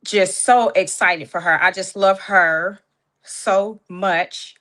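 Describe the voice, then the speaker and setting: A woman's voice: mid-range voice, steady tone, slow, fairly bright tone. A woman speaking as a proud mother, emotional and fighting back tears as she gives a heartfelt spoken tribute. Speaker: guest's mother giving an introduction.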